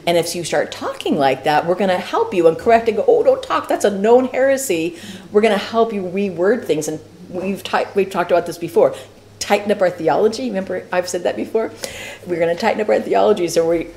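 A woman teaching a church Bible study class, talking in a lively, playful way with frequent laughs and asides. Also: on the low side, fairly quick, a little hiss or hum.

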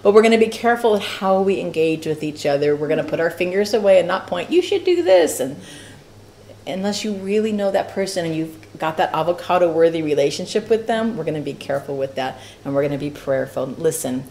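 Lively woman teaching a Bible study. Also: low-pitched, fast talker, a little hiss or hum. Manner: lively, laughs often, playful asides.

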